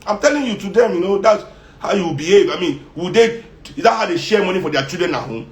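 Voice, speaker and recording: Fiery Nigerian man with a high voice in a roomy, echoey space, impassioned speaker who mixes in pidgin. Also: expressive, fairly quick. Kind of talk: impassioned monologue. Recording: roomy echo.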